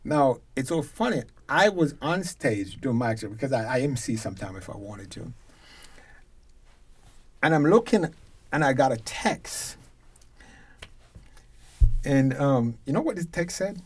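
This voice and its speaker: A man from Jamaica with a Jamaican accent, a reggae concert promoter telling stories as a guest, lively and emphatic. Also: mid-range voice, a little slow, pauses often, husky. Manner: lively storyteller who grows loud and emphatic. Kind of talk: animated storytelling in a conversation.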